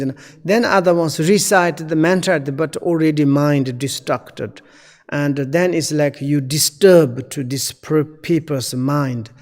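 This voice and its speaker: A man giving a Buddhist dharma teaching in halting, broken non-native phrasing. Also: fairly high pitch, a little mellow. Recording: long echoey reverb.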